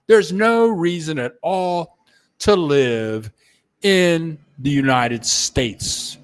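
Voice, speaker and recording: An older man talks in a relaxed live-stream chat. His voice sits a little high, and he tells his stories at an unhurried pace with a very animated, swooping pitch. He stops now and then to read viewer comments aloud. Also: clean tone. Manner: storytelling, reads viewer comments aloud, chuckles. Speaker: vlogger.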